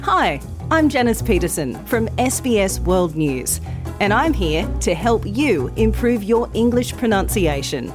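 Brief: female pronunciation coach, measured pace, animated intonation, clear diction, faint music bed. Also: mid-range voice. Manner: slow, clear, careful articulation. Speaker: English pronunciation teacher. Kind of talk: scripted podcast lesson.

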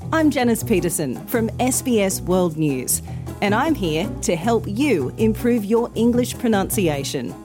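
A woman hosting a pronunciation lesson podcast, speaking slowly and carefully enunciating each sound. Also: fairly high pitch. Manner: slow, clear, carefully enunciated teaching. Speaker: pronunciation teacher and podcast host. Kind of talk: scripted instructional podcast.

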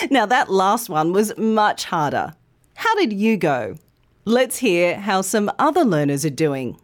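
Slow, lively woman teaching. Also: medium pitch. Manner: slow, careful, clearly modelled sounds. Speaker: pronunciation teacher, host. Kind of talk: scripted lesson narration.

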